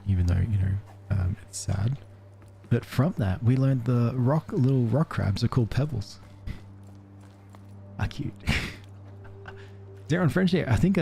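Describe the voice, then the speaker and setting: Dark-voiced Australian man streaming a game. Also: medium pitch, slow pace, creaky, pauses often, soft background music. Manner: chatty, reacts to chat, soft chuckles. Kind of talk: casual gameplay commentary.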